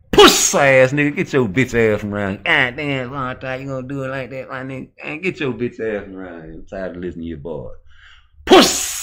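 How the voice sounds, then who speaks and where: A man's voice: low-pitched, creaky, dark tone. A man putting on the voice of a brash young male street hustler, bragging and taunting in profane banter.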